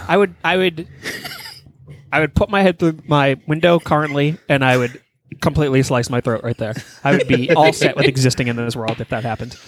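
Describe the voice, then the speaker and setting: A podcast co-host with a mid-range voice tells a story at a slightly fast clip. The conversation is casual, and he stays animated, curses, and exaggerates comically for laughs.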